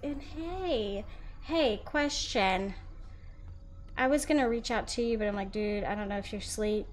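A young woman streaming a horror game, chatting with her viewers and reacting loudly. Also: mid-range voice, normal speed, a little hiss or hum. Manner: chatty, loud reactions, talks to chat. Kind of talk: live horror game commentary.

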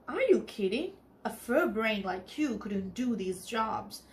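A cocky, chattery male mouse from a children's storybook, always teasing and pleased with himself, read aloud by a woman. The voice sits fairly high and bounces around a lot. The delivery is slow and lively. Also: echoey room. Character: boastful prankster mouse cousin, male.

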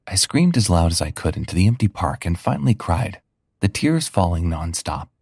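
A man narrating a first-person story in a steady, earnest reading. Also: deep voice, moderate pace, vocal fry, breathy edge, no echo, studio quality.

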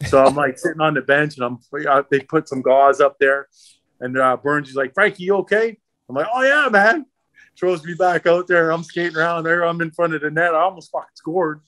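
A man's voice: fairly high pitch, brisk, dry recording. A middle-aged man, a former hockey enforcer, telling profane stories in casual chat and acting out what others said. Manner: profane, animated storyteller acting out quotes. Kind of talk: casual storytelling. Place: podcast studio.

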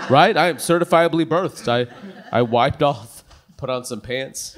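A man performing stand-up comedy in a club, with an animated, punchy delivery full of rhetorical questions. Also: mid-range voice, a little fast.

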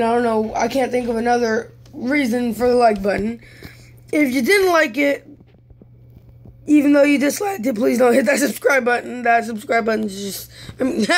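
A young woman giving casual commentary over her own mobile football game, exasperated, dropping from whispered mutters to sudden yelps and shouts. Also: a little high. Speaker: gaming YouTuber.

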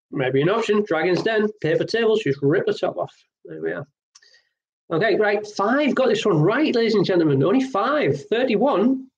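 A man's voice: fairly high pitch, lo-fi sound. A man hosting an online pub quiz, chatty and jokey with rambling asides. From Wales.

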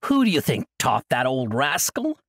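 A man's voice: mid-range voice, wildly swooping pitch, normal speed, fairly bright tone, slightly rough, no echo, studio quality, exaggerated voice. A man voicing an eccentric, childlike old monk who speaks grandly and playfully in an audiobook. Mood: whimsical. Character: eccentric ancient male monk, childlike and mischievous.

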